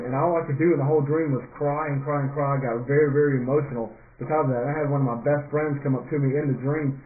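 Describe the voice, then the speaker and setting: A young man gives an earnest spoken testimony, circling back on himself with fillers and false starts. His voice sits at an ordinary middle pitch. The sound is thin and phone-like, bouncing around an echoey room. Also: steady tone, fast talker, few pauses, a little hiss or hum. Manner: rambling, full of fillers and restarts. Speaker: believer recounting a dream. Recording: tinny lo-fi audio in an echoey room.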